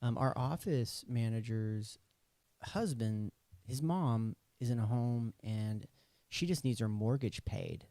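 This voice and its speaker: A young man tells his story as a guest on a podcast, with a mellow, warm voice and a mid-range pitch. He acts out the lines of the people in his story. The recording is dry and close. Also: slow pace, no echo. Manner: animated storyteller acting out quoted dialogue. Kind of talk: casual storytelling interview.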